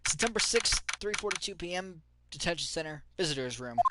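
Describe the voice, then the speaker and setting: A man's voice: a little high, lively intonation, a little fast, heavy background noise. A man hosting a game playthrough, reading the dialogue aloud in a casual, conversational way. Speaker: let's play host reading all parts. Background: loud game music.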